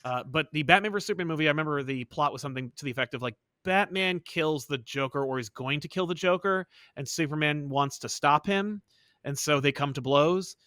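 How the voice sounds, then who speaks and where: A man co-hosting a casual comic-book podcast, telling the story of a film project in an animated, joking way. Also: on the high side, brisk, no room sound, studio quality. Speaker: podcast co-host.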